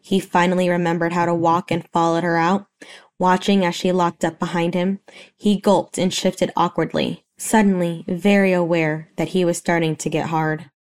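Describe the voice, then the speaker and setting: A woman narrating a romance story in a steady, even reading voice. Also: fairly low pitch, moderate pace.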